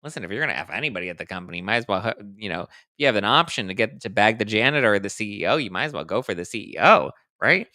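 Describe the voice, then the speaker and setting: A man hosts a gossip show in a loose, chatty way, reading viewer comments and throwing in sassy, mock-outraged asides. His voice sits a little low but sounds bright and forceful, with a smooth, crisp clarity. The sound is dry and close, with no room echo. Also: animated, racing, few pauses. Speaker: host of a celebrity gossip show.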